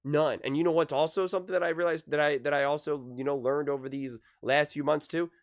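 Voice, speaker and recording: A man in a casual sports opinion monologue, animated, repeating himself and firing off rhetorical questions. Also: on the high side, fast talker. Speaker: sports commentator.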